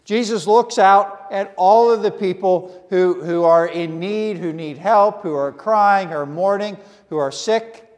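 A man preaching with an earnest, steady delivery, building his points through short repeated phrases. His voice sits a bit higher than most men's. A long reverb trails after his words. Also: unhurried, few pauses. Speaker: pastor. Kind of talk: sermon.

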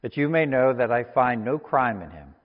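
A man's voice: medium pitch, big pitch swings, moderate pace. A man reading the lines of Pilate, a Roman governor, with plain questioning delivery. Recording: long reverb, dull lo-fi sound.

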